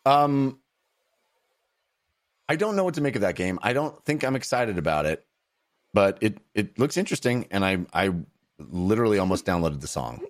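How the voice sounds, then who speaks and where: A man co-hosting a video game podcast in casual chat, talking in a halting, playful way. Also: on the low side, very animated. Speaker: podcast co-host.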